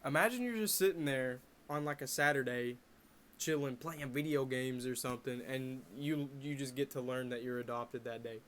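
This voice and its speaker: A young man in his bedroom telling a personal story to camera in a casual, animated way with wry asides. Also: mid-range voice, moderate pace, slight background noise. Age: young adult. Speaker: vlogger.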